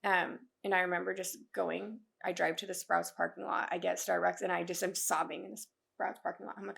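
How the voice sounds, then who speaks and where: A young woman talks openly as a podcast guest, her voice gravelly with fry at mid pitch. She speaks with emotion, filling her speech with "like" and restarts. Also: steady tone, fast talker, hardly any pauses, a bit bright. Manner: candid, emotional, many fillers. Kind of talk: casual podcast conversation.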